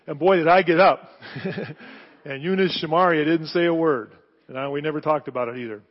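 A middle-aged man preaching a sermon, telling the story with animated delivery and rhetorical questions. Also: a little high, normal speed. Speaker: pastor. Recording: muffled sound, long hall reverb.

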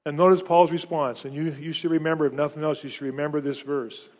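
A man's voice: fairly high pitch, fairly even intonation, quick pace, darkish tone. A man preaching a sermon as pastor, speaking earnestly and often repeating words and restarting phrases. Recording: long reverb of a large hall.

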